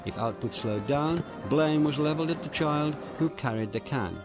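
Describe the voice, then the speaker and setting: A man narrating a history documentary in a measured, deliberate way. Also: a little high, over music. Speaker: documentary presenter.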